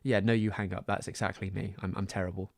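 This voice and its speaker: A man's voice: deep voice, level tone, fast talker, no echo. A young English man from the Southwest with a West Country accent, rambling and self-deprecating in casual livestream chat on a close mic. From Southwest England. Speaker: streamer.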